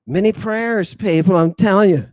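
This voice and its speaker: A middle-aged man lectures his online audience in a high, unhurried voice. He is theatrical, sighing often, and swings from booming declarations to muttered asides. The sound is close and dry, with no room around it. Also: a little mellow, dry recording. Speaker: host.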